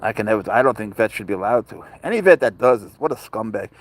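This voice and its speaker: A man's voice: on the low side, expressive, quick pace. New York-accented man chatting on a livestream. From Spain. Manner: rambling, blunt and profane, greets viewers by name. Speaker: livestream host with pet serval. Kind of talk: casual livestream chat answering viewer comments. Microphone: phone camera.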